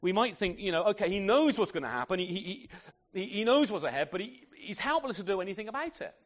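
A man's voice: high-pitched, big pitch swings, fast. A man preaching a sermon, emphatic and full of rhetorical questions, sometimes speaking to the children. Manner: addresses children in the congregation.

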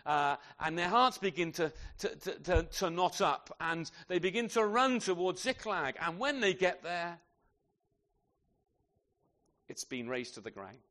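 A man delivers a sermon in a chatty, conversational manner and keeps checking in with his listeners through rhetorical questions. His voice sits high and swings widely in pitch. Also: big pitch swings, normal speed, hardly any pauses, bright, forceful tone. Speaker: preacher.

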